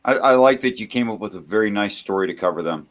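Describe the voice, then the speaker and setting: A man's voice: lowish voice, fast talker. A man in a casual chat, dropping wry, joking remarks.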